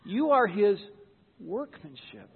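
High-voiced guy preaching, kinda husky, earnest and chatty, tinny recording. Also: lively intonation, takes it slowly, big-room sound. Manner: earnest, conversational, repeats words when starting a thought. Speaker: pastor. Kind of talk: sermon. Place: church.

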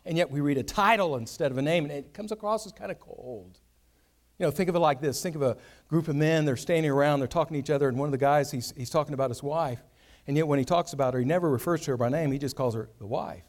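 A man gives a Bible teaching in an earnest, conversational way. He speaks in a fairly high voice and builds his points with vivid everyday examples. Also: quick pace, darkish tone. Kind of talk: sermon.

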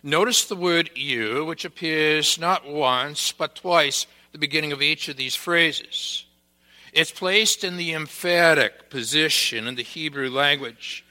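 A man preaching a sermon as pastor to his congregation, deliberate and emphatic, leaning hard on repeated key words. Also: fairly high pitch, sharp tone, big-room sound.

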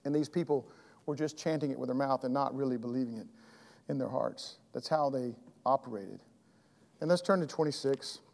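A man's voice: mid-range voice, a little fast, vocal fry, a little mellow, long reverb tail. A man teaching an evening Bible class with earnest emphasis, often restarting and repeating phrases while his throat keeps catching. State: throat trouble, clearing his throat.

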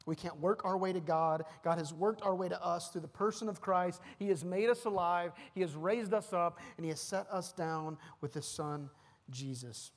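A man's voice: high-pitched, moderate pace, long reverb tail. A man preaching a sermon as pastor, emphatic, with repeated phrases and restarts.

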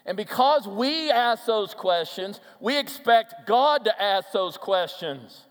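A pastor delivering a sermon from a church stage, emphatic and often dropping to a hushed voice. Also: male voice, high voice, lively intonation, slow. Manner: emphatic, with soft hushed passages. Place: large church hall. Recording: long hall reverb.

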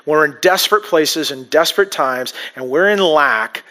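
Male pastor, high and forceful voice, casual joking sermon delivery. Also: moderate pace. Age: adult, married. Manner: conversational and joking, with frequent restarts.

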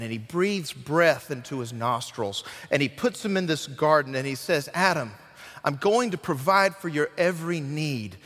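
A man preaching a sermon as a guest speaker, earnest and dramatic, slowing down for emphasis and acting out quotes. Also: fairly high pitch, a bit bright, in a large hall.

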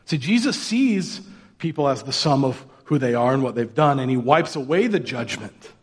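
A man's voice: medium pitch, expressive, normal speed, husky. A man preaching a sermon as pastor, talking casually and asking the congregation rhetorical questions. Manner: conversational, rhetorical questions, mocking put-on voices for quotes.

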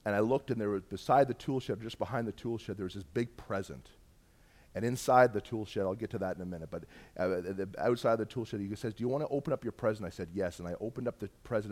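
A middle-aged man from Canada, telling a personal testimony as a story and acting out the dialogue with jumps in pitch and loudness. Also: fast talker. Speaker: speaker sharing a personal testimony.

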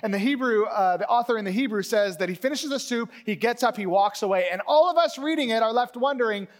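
A male preacher with a high, bright voice that swings widely as he tells a story. He jumps into quick character voices and back again, animated and expressive from line to line. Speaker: pastor. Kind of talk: sermon.

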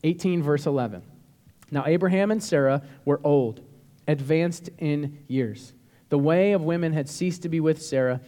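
A man preaching a sermon as a pastor, animated and emphatic, with bursts of rising intensity. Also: fairly high pitch, normal speed. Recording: long hall reverb.

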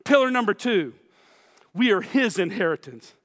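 A man preaching a sermon in a high, light voice, pressing his points with repeated phrases and speaking straight to the congregation. His words ring out with a long reverb in a large hall. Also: lively intonation, moderate pace, fairly bright tone. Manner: emphatic preaching with repeated phrases and direct address. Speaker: pastor.

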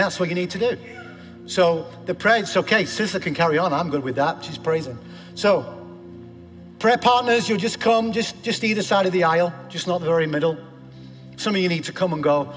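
A man preaching a sermon as pastor, swinging between loud emphatic declarations and hushed, earnest pleas. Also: on the high side. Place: church sanctuary. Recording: long hall reverb with faint music.

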